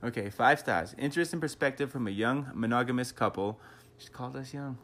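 A man's voice: medium pitch, brisk, fairly bright tone. Profane Boston-accented man. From New England. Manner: profane, laid-back joking. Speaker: podcast co-host. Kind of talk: casual chat.

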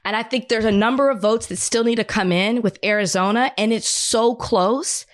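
A woman's voice: a little high, moderate pace. A congested woman, under the weather, co-hosting a casual political chat and thinking aloud with frequent restarts. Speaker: podcast co-host.

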